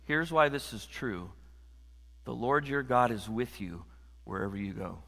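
A man preaching a sermon to a congregation in a conversational, animated way, joking with the room. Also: mid-range voice, measured pace. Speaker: pastor. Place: church sanctuary. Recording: long hall reverb.

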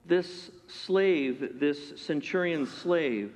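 A man preaching a sermon in an animated way, acting out the voices of the people in his story. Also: medium pitch, moderate pace, few pauses, muffled recording. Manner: animated, acts out voices of characters. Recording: long hall reverb.

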